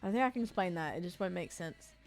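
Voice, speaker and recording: A woman's voice: fairly low pitch, lively intonation, fast, a little mellow, soft background music. A woman streamer chatting casually while she plays, rambling and frank, swearing freely with lots of fillers. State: sore body.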